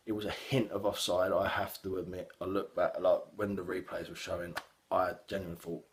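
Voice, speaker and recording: A man's voice: low voice, moderate pace, slight background noise. A young man gives a casual, sweary, rambling reaction to a football match he watched as a fan. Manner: heavy swearing, animated, rambling with fillers.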